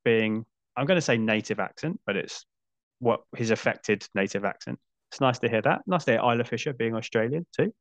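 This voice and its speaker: A man's voice: mid-range voice, expressive, a little fast, dry recording. A man in his forties hosting a podcast, chatting casually about films with frequent restarts and dry asides. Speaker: podcast host. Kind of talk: casual film discussion.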